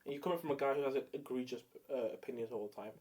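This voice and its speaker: A man's voice: mid-range voice, racing, a little mellow. A young man in casual solo commentary, rambling with many fillers and jokey hot takes. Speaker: video creator ranking films.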